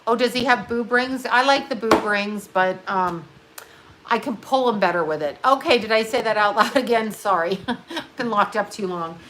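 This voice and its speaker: This is a woman in her fifties hosting a casual livestream and rambling as she paints her nails. Her talk is blunt and full of swearing, and it drifts from one thing to the next. Her voice sits at an ordinary middle pitch. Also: moderate pace, a bit bright, a little hiss or hum. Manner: blunt, profane, chatty while doing her nails. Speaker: livestream host.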